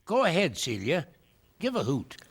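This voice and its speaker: A man playing a cheerful elderly woodsman on a children's nature show, gently teaching bird calls. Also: a little high, wildly swooping pitch, vocal fry, slightly rough, full character voice. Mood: playful. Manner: slow, gentle, playful teaching. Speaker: woodland nature guide. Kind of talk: children's TV acting. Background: background music.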